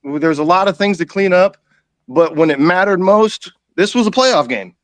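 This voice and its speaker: A man's voice: high-pitched, animated, moderate pace, dry recording. A middle-aged man calling in by phone, enthusiastic and confident. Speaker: caller.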